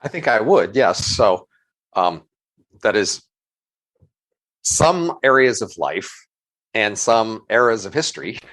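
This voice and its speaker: Middle-aged male podcast co-host, very low voice, thoughtful and hedging, restarts often. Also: expressive, slow pace, pauses often, a bit bright, poor audio. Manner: thoughtful, hedging, repeats words when restarting. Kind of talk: casual intellectual conversation.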